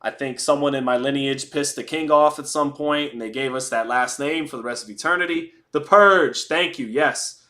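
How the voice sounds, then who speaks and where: A man's voice: mid-range voice, normal speed, bright, forceful tone. A man hosting a live fight watch party, chatting casually, answering viewer chat and making blunt, profane jokes. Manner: blunt and profane with joking asides. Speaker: livestream host.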